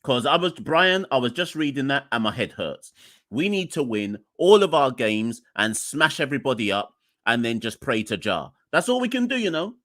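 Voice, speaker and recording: A man's voice: medium pitch, expressive, moderate pace, a bit bright. Chatty man hosting a podcast. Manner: chatty, rambling, laughing and exasperated. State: low energy, emotional. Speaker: podcast host. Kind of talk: casual live-stream chat. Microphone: desk microphone, unplugged at first.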